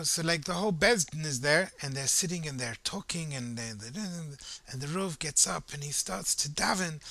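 A man telling a story in a lively, conversational way, addressing the listener directly and acting out the voices of crowds. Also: fairly high pitch, creaky, no room sound. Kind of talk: animated oral storytelling.

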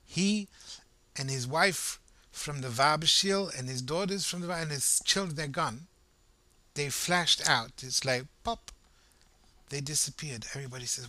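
A man telling a story in a lively, conversational way, addressing the listener directly and acting out the voices of crowds. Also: a little high, unhurried, dry recording. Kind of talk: animated oral storytelling.

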